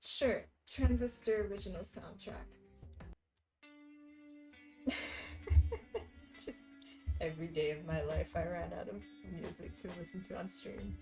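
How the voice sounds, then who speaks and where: A woman's voice: on the low side, a little slow, vocal fry, long pauses, music in the background. A young woman livestreaming, chatting casually and reading viewers' messages aloud while she stitches, laughing often. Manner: giggly, chatty, reads chat messages aloud.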